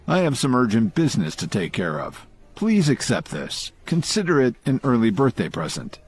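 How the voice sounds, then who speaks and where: A man's voice: mid-range voice, wildly swooping pitch, moderate pace, slightly rough, faint music behind. A man narrating an audio story voices a confident, generous male friend who insists on giving a gift. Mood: hurried.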